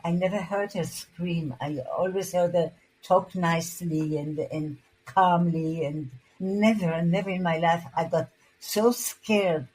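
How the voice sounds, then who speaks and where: An older woman in her eighties from Hungary, giving personal testimony in an interview, halting and restarting her words often. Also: lowish voice, slight background noise, low-quality recording.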